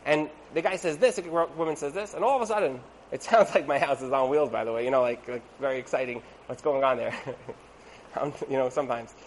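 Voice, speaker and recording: A man's voice: medium pitch, fast talker, slight background noise. A man giving a casual evening class on Torah and marriage, chatty and full of rhetorical questions, acting out quoted voices. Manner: conversational, asks rhetorical "right?", acts out quoted voices.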